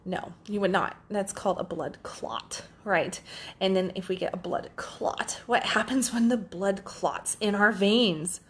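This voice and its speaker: A woman life coach talking casually and candidly on a solo podcast, swearing freely and telling stories with lively quoted voices. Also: medium pitch, a little slow, slight background noise. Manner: animated storyteller, quotes others in lively voices.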